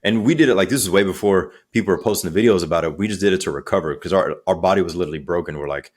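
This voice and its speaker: A man speaking as a coach in a podcast interview, energetic and conversational, acting out little quotes as he talks. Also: low voice, rapid-fire, few pauses. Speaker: guest, transformational coach.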